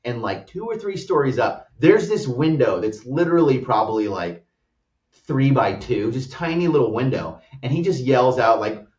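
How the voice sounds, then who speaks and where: American male guest, animated rambling anecdote, mic set back, dull lo-fi sound. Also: medium pitch, moderate pace. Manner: animated, rambling storyteller with many "like" fillers. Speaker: startup co-founder guest. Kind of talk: casual travel storytelling. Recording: roomy, distant, dull-sounding audio.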